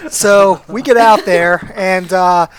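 A man's voice: high voice, steady tone, slow. A man casually telling a long, self-deprecating anecdote. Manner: laid-back, self-deprecating storytelling. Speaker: storyteller guest.

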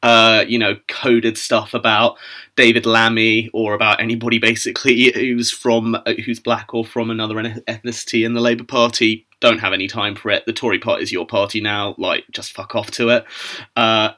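A man's voice: on the low side, level tone, moderate pace, bright, forceful tone. A man guest on a political podcast, blunt and profane, mocking his opponents. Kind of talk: casual political chat.

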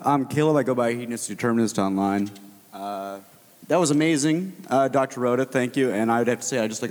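A man's voice: medium pitch, darkish tone. A man speaking as a panel guest, hesitant and full of uhs. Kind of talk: panel remarks. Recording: live hall recording with long reverb.

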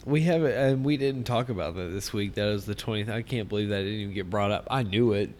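A man's voice: lowish voice, fast talker, a little mellow, slight background noise. A man co-hosting a podcast in casual chat, giving short agreeing replies and swearing casually. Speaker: podcast co-host.

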